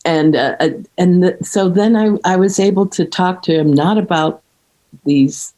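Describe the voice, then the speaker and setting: A middle-aged woman in a reflective conversation, speaking earnestly and haltingly, with many restarts and fillers. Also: fairly low pitch, mellow, low-quality recording. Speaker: podcast guest.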